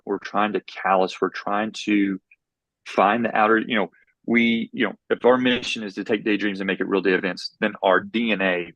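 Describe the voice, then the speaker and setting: A middle-aged man, a college track coach, talking in a casual podcast interview with an intense, motivational drive and many quick restarts. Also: fairly low pitch, no echo, lo-fi sound.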